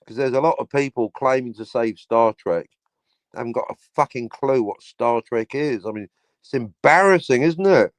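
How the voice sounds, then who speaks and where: A man's voice: medium pitch, moderate pace, dry recording. A man hosting a casual livestream, talking in a sardonic, sweary way and slipping into mock announcer asides. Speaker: livestream host.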